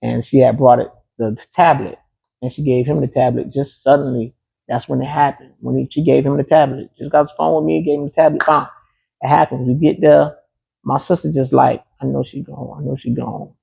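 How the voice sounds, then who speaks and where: A man's voice: medium pitch, fairly even intonation, a little fast, vocal fry, breathy edge, narrow, tinny audio. A man being interviewed, telling a personal story in a casual, emphatic way, often repeating key phrases. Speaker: interview guest.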